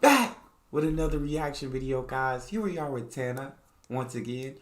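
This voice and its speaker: A man's voice: medium pitch, lively intonation, moderate pace, reverberant. An American man hosting a reaction video, with laid-back commentary and laughing asides. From United States. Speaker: reaction channel host.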